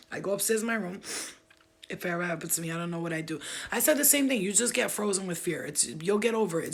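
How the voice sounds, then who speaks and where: A woman's voice: mid-range voice, a bit bright, breathy edge. A woman hosting a livestream, telling a true ghost story in a candid, rambling way and swearing often. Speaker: livestream host.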